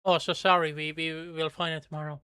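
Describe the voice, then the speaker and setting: A man's voice: on the high side, little pitch movement, fairly quick, pushed and bright, clear, resonant tone, dry recording, studio quality. An Irish man hosting a livestream, commenting on a soap episode in a rambling, chatty way and swearing freely. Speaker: host.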